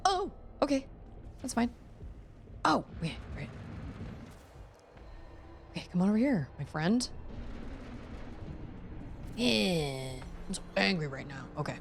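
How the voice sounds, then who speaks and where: Woman game streamer, chatty and exclamatory, pitch in the middle of her range. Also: sing-song, slow, vocal fry, pauses often, slight background noise. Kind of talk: casual live gameplay commentary.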